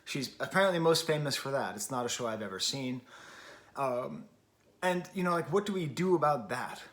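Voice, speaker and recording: A man's voice: mid-range voice, lively intonation, moderate pace, fairly bright tone. A middle-aged man hosting a music review show, talking in a chatty, rambling way with wry asides. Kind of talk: casual spoken review.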